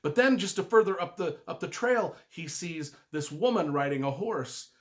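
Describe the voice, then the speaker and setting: A man's voice: on the high side, lively intonation, normal speed. A man giving a casual spoken book review, retelling the plot in a chatty, enthusiastic way. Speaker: book reviewer and writing adviser.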